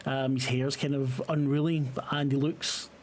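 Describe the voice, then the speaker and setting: A Scottish man running a tabletop horror game as game master, narrating in a halting way, full of fillers and the odd swear. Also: medium pitch, flat delivery, slight background noise.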